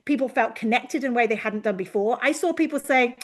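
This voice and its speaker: A woman giving an expert presentation on a video call, lively and given to acting out quoted voices. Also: brisk. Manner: lively, acts out quoted voices with big pitch jumps. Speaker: invited expert speaker. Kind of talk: online presentation to a learning session.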